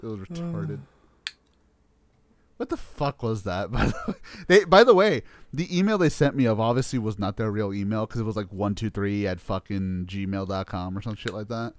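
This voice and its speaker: A man's voice: fairly low pitch, expressive, normal speed, dry recording. A man hosting a podcast in casual chat, swearing freely and laughing easily as he talks. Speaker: podcast host.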